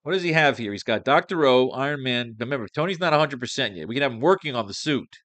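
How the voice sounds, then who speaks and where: A man's voice: medium pitch, lively intonation, fast, fairly bright tone, no echo. A man teaching comics writing, thinking aloud as he drafts pages at home and swearing at his computer.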